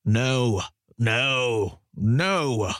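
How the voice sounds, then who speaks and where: A man voicing a possessed young woman in a low, guttural, sullen voice. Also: animated, drawn-out words, fairly bright tone, no room sound, studio quality.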